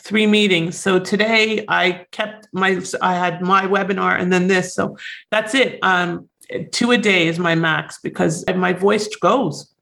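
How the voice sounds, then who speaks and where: A man guest on a podcast with a hoarse, raspy voice, talking eagerly and promoting his work over a call. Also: high voice, steady tone, pushed and bright. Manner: eager, self-promoting, talks in quick bursts. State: hoarse after illness. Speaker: podcast guest, real estate referral agent. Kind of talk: casual interview talk.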